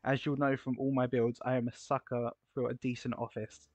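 A man giving casual, excitable gameplay commentary, gushing over builds with gasps and exclamations. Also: medium pitch, brisk, no room sound. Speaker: game video creator touring player builds. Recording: slightly dull, lo-fi recording.

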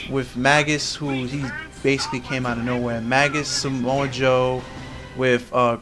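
A man hosting a casual podcast, ranting in exasperation and restarting his sentences often. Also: mid-range voice. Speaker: podcast host. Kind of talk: casual wrestling recap podcast.

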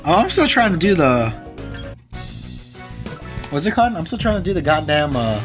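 A man's voice: on the high side, big pitch swings, moderate pace. A young man hosting a gaming channel, rambling through casual gameplay commentary and swearing when the game goes wrong. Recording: game music in background. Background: game music.

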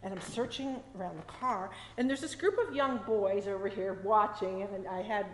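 A woman's voice: medium pitch, normal speed. A woman tells a personal story to a live audience at a story slam, chatty and emotional. She often laughs in asides and restarts her sentences. The stage mic picks her up in a roomy hall with a long reverb tail and a faint hum behind.

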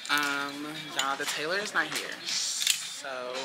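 Chatty woman vlogging amid loud noise. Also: low voice, slow pace. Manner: chatty, blunt and profane. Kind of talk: casual vlog chat. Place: shopping market, walking around.

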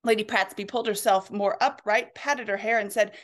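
A woman author reading her own historical romance aloud in a lively, expressive storytelling voice. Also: medium pitch, fairly quick. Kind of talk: storybook narration.

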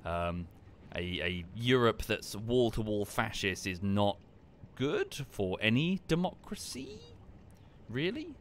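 Low-voiced man streaming a game. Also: a little hiss or hum. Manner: chatty, explains history at length in a relaxed, wry way. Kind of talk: casual live-stream commentary.

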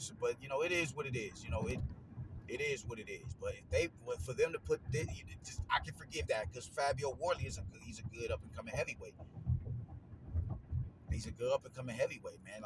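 A man talking casually, loose and slangy, with plenty of swearing and repeated phrases. His pitch sits in a middle range. Faint vehicle noise hums behind him. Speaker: boxing commentator. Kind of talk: casual opinion monologue.

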